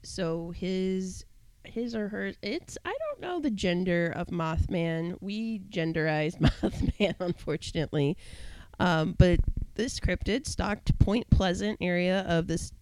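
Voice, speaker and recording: A woman's voice: fairly low pitch, slow pace, a little mellow, a little hiss or hum, low-quality recording. Chatty woman podcast host. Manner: chatty, rambling, self-correcting. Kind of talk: casual podcast chat.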